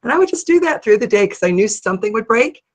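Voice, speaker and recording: A middle-aged woman from Ohio, a guest in an interview, telling her story in a lively way and acting out her own thoughts. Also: a little high, fast talker. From Ohio, USA. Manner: animated, acts out her own thoughts in a raised voice.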